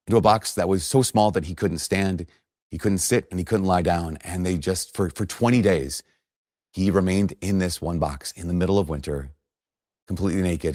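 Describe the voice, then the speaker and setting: A man's voice: deep voice, a little mellow, no echo, clean studio sound. A man preaching a sermon, telling a story earnestly and rising in emphasis at key points.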